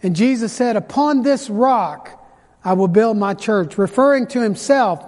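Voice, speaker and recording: A man preaching a sermon, retelling scripture with dramatic pauses and slowed emphasis. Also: high-pitched, darkish tone. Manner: dramatic storytelling, slows for emphasis. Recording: hall reverb.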